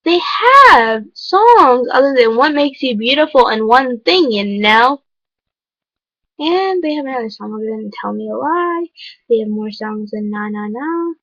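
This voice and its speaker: A woman's voice: on the high side, expressive, unhurried, a bit bright, no echo, muffled recording. A woman vlogger talking to camera in an emphatic, lecturing, chatty way. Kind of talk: casual vlog monologue.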